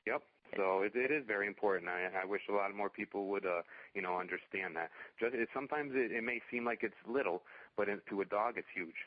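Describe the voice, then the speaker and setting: A man who rehabilitates dogs, chatting casually in a halting way, full of fillers and restarts. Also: fairly low pitch, no echo. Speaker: dog rehabilitation trainer. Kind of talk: casual conversation. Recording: muffled lo-fi sound.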